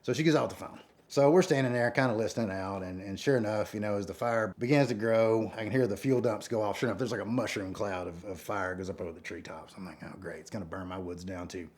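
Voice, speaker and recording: A man telling a rambling story in a casual, animated way, acting out quotes and sounds. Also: on the low side, fast talker, hardly any pauses. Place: rural North Georgia home.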